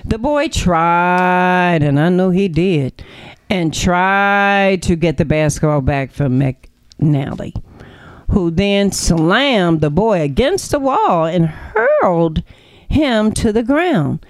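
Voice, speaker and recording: A woman's voice: fairly low pitch, big pitch swings, slow pace, clean tone, no room sound. A woman hosting a talk radio show, giving opinionated commentary in an emphatic, preachy way full of rhetorical questions.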